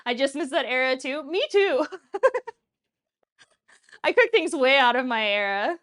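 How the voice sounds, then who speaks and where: A woman's voice: sits high, lively intonation, unhurried, fairly bright tone. A woman in her thirties chatting casually while hosting a cooking livestream, rambling and laughing often. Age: 30s. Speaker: cooking show streamer.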